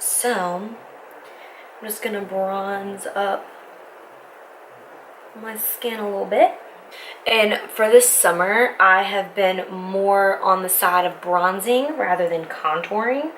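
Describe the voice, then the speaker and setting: A young woman in her twenties chats her way through a makeup tutorial, rambling and cutting herself off mid-thought. Her voice sits at a middling pitch. There is a faint noise floor under the recording. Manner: rambling, self-interrupting, talks while applying makeup. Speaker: beauty vlogger.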